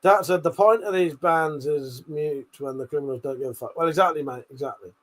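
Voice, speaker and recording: A man with a fairly high voice hosts a live stream at a brisk pace, laughing and swearing as he reads out viewer comments in casual live-stream chat.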